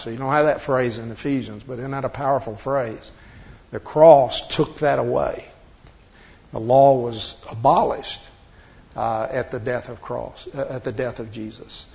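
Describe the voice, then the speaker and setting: A man's voice: medium pitch, creaky. A man leading a conversational Bible study, explaining step by step and asking rhetorical questions. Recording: dull lo-fi recording.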